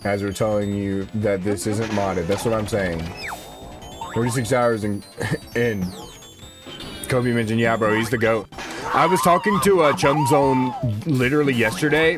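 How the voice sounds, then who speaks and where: Streaming a game, this man in his twenties keeps up a loose, slang-heavy conversation with his chat. His pitch is medium and his pace moderate, while game music runs underneath.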